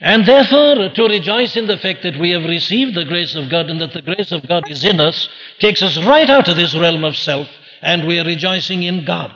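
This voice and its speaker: A man's voice: on the high side, lively intonation, normal speed, hardly any pauses, sharp tone, long reverb tail, highs cut off. A man preaching a sermon earnestly, posing questions and answering them himself. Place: church.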